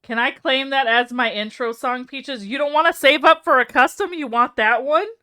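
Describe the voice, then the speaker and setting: A woman's voice: high voice, normal speed, sharp tone, smooth. A woman streamer in casual live-stream chat, wry and self-mocking, often breaking into laughter.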